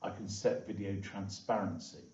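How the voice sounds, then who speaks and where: A man's voice: sits low, normal speed, a little mellow. A man teaching a coding tutorial to viewers in a chatty way, full of "okay" and "all right". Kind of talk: screen-recorded coding tutorial. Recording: echoey, distant, dull lo-fi room sound.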